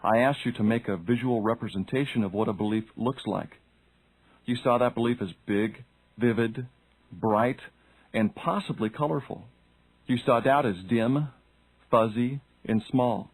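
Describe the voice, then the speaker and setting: A man's voice: medium pitch, unhurried, breathy edge, no echo, low-quality recording. A man reading a self-help audiobook, speaking directly to the listener and asking questions. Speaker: audiobook narrator. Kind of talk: scripted self-help narration.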